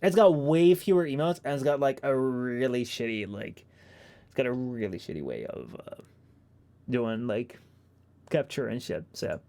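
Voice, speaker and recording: A man's voice: mid-range voice, lively intonation, normal speed, vocal fry, warm tone. A man streaming, chatting casually and rambling with many fillers and restarts. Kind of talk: casual chat.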